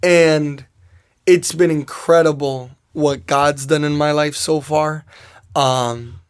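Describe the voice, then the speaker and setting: A man's voice: fairly high pitch, steady tone, slow pace, smooth. A young man, a soccer player guest in an interview, telling a personal story in a rambling way, full of "like" and quoted asides.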